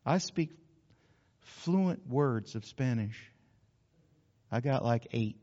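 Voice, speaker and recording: A man preaching a folksy, animated sermon and asking the congregation questions, in a church hall, with a dull sound. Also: medium pitch, slow.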